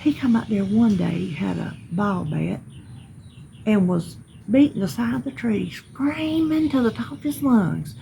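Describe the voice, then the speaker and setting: A woman telling a story about her neighbors outdoors in a folksy, emphatic, animated way. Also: mid-range voice, unhurried, vocal fry, a little hiss or hum, rough recording. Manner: folksy, emphatic, animated retelling with hollered quotes. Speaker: vlogger. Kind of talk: casual storytelling.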